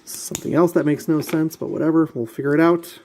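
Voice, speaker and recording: A man's voice: on the high side, steady tone, fairly quick, a little mellow. A man vlogging while he assembles a model kit, talking to himself and his viewers in an exasperated, muttering way and repeating himself often. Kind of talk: casual talk while assembling.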